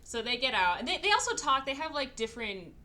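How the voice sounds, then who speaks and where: A woman's voice: high-pitched, sing-song, fast, bright, forceful tone. A young woman co-hosting a podcast, casually retelling a movie plot with many fillers and acting out quoted lines. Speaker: podcast co-host.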